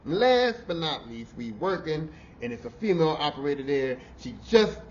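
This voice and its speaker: A man, a podcast host telling casual work stories in a profane, animated way, laughing and swinging from low mutters to loud outbursts. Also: moderate pace. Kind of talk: casual storytelling. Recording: slightly dull audio with faint noise.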